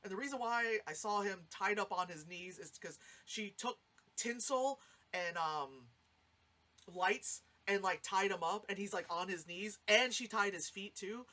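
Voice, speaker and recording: This woman reviews a movie in a loose, rambling way, her mid-range voice moving at a measured pace. Her delivery is animated, with free swearing and acted-out lines.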